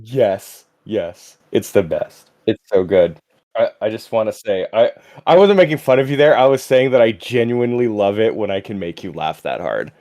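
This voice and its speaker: A man co-hosting a casual podcast chat, giggly and excitable, swearing now and then. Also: lowish voice, normal speed. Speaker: podcast co-host.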